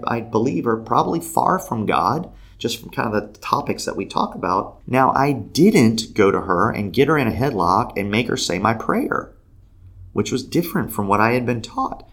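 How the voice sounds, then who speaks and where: A man telling a faith story in an animated way, acting out the quoted people with big jumps in pitch and laughing between lines.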